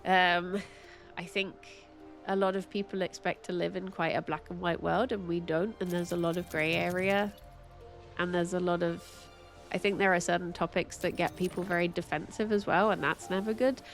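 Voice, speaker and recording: A woman's voice: on the low side, steady tone, moderate pace, soft background music. A young woman chatting casually while streaming a game, full of "like"s and frequent laughs. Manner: chatty, many "like"s, laughs often.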